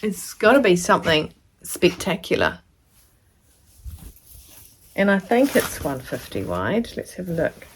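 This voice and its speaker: A woman sewing vlogger talks casually to her viewers. Her voice sits a little low, and she gushes over what she shows, now and then dropping to a soft whisper. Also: big pitch swings, a little slow, long pauses, slight background noise. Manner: gushing, chatty, drops into soft whispers. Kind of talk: casual unboxing chat to camera.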